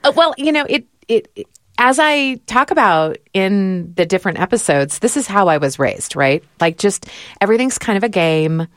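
A woman's voice: mid-range voice, expressive, normal speed, no room sound, clean studio sound. A woman hosting a podcast in casual chat, talking eagerly, laughing often and acting out quoted voices. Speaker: podcast host.

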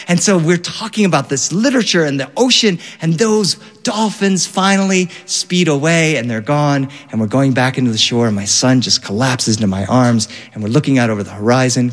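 A man telling a personal story, animated, swinging between excited bursts and hushed moments. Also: a little high, big-room sound.

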